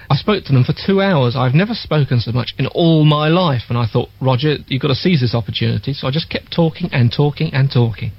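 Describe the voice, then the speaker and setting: An older Englishman recounts his early days in radio, with a slightly husky voice and a habit of acting out what people said. The recording is dry and a little dull. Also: mid-range voice, no room sound. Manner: animated anecdotes, acts out quoted voices. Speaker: former radio DJ interviewee. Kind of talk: reminiscing storytelling.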